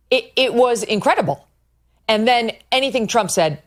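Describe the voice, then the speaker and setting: A woman's voice: on the high side, expressive, normal speed. A middle-aged woman hosting a commentary show, delivering an indignant, sarcastic rant laced with swearing. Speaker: podcast host.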